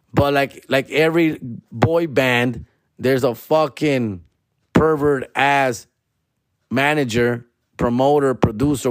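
A man's voice: mid-range voice, no room sound, studio quality. A man, a comedian host riffing in a profane, slangy monologue and ending lines with "fool" and "dog". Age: 40s.

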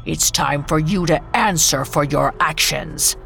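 A woman's voice: sits low, unhurried, vocal fry, a bit bright, faint music behind, pitched below the performer's own voice, full character voice. A woman playing a stern, commanding king. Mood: stern, furious. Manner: demanding and stern.

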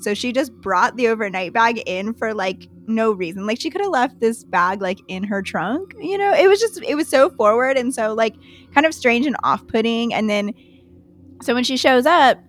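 A young woman telling a dating story in a chatty, animated way, full of fillers. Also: fairly high pitch. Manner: chatty, full of "like" and "you know"; animated, laughs while telling. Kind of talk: casual storytelling.

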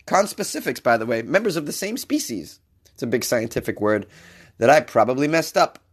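A man's voice: medium pitch, big pitch swings, fairly quick, slightly rough. Sarcastic man riffing on a science story. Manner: jokey, sarcastic asides, mock-crooning bits. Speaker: commentator reading a news story. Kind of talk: casual comedic commentary.

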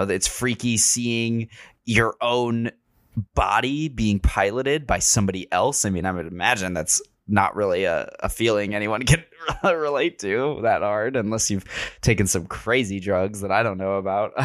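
A young man with a low voice recaps a film in a campy, slangy style full of swearing. His talk is loose and chatty. The sound is dry and close to the mic. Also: a little slow, a bit bright, no room sound. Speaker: podcast host. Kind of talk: casual movie recap.

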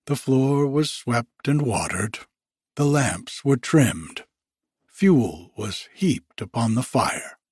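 A man narrating a classic story with slow, measured delivery. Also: medium pitch, sing-song, darkish tone, breathy edge, no room sound, clean studio sound. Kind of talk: storybook reading.

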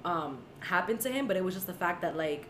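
Young woman, podcast co-host, animated storyteller, roomy echo, faint hiss. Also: lowish voice, fairly quick. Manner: animated, acts out voices in her stories. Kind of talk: casual storytelling chat. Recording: echoey room with faint noise.

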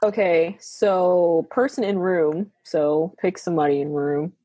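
A woman's voice: fairly low pitch, steady tone, unhurried, dark tone, no echo, rough recording. A young woman co-hosting a casual podcast chat, laughing often as she talks. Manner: giggly, laughs often while talking. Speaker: podcast co-host.

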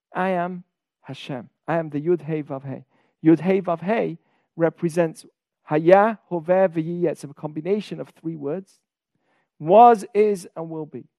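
A man with a high voice teaches a lively Torah class. He stresses key words and keeps asking his listeners questions. The sound is dry and close, with no room around it. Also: vocal fry, no room sound.

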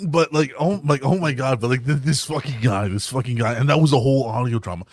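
A man's voice: mid-range voice, fast talker, dry recording. A man co-hosting a podcast, joking loosely with a lot of swearing. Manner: profane, joking, mocks voices. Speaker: podcast co-host. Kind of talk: casual podcast chat.

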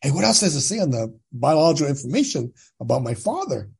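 A man's voice: fairly high pitch, quick pace, vocal fry, breathy edge. A man in his sixties from California, a podcast guest telling his own story in a casual, plain-spoken way and acting out what others said. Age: 60s. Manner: animated storyteller, acts out quoted dialogue.

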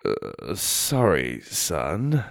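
A man's voice: rumbling low, huge pitch swings, very slow, creaky, no room sound, clean studio sound, voice pushed down, full character voice. A man voicing a bewildered father who speaks in a hesitant, apologetic way in a storybook reading.

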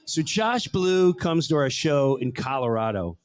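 Middle-aged man, comedy podcast host, somewhat high voice, animated storyteller, live show. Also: unhurried. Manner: animated, laughing, slips into voices of other people. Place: live show in front of an audience.

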